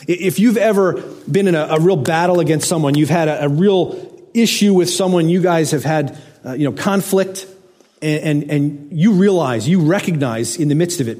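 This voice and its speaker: A middle-aged pastor delivers a sermon with earnest conviction, pushing up for emphasis then sinking to hushed, low phrases. His voice sits a touch high for a man, mellow and a little husky. It rings with the long reverb of a large hall. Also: normal speed. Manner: earnest, swings between raised emphasis and hushed low lines.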